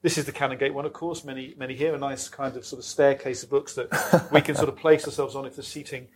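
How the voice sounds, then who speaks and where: A man's voice: medium pitch, fairly even intonation, fast, husky. Discursive, academic male interviewer. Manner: discursive, academic, with long winding questions. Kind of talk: onstage interview. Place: live event venue with an audience.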